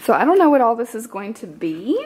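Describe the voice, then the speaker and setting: A woman vlogging casually into her phone, chatty and gushing with excitement. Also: a little high, a little fast, slight background noise, poor audio. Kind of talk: casual vlog chat.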